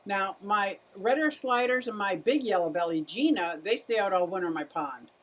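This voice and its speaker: A woman's voice: medium pitch, normal speed. Chatty woman streaming about her turtles. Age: middle-aged. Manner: chatty, greets viewers, talks to her animals. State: out of breath at times. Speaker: turtle keeper livestreaming. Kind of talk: casual livestream chat.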